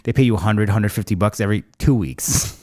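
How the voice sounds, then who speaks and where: A man in his thirties hosting a podcast, telling long rambling stories in loose slang and throwing in bro every few lines. His voice sits a little low. The sound is dry and close. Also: a little fast, warm tone, no room sound. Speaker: podcast host. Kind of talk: casual storytelling chat.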